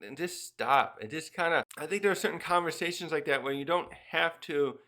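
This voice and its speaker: A man's voice: fairly high pitch, pushed and bright. A man giving a casual spoken review of a manga chapter, rambling and briefly acting out the characters' lines. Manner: rambling, acts out character lines in quick put-on voices.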